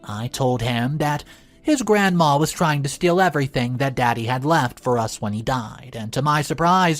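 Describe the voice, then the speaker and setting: A woman telling a first-person story aloud, expressive, her voice jumping up for quoted lines. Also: deep voice, normal speed, soft background music.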